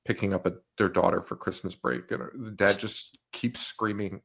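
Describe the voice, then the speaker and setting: Gravelly guy cohosting a horror movie podcast, keeps cracking himself up. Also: low-pitched, fairly even intonation, moderate pace, hardly any pauses, a bit bright. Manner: joking, laughs often, acts out silly quotes. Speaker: podcast co-host. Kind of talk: casual movie-review chat.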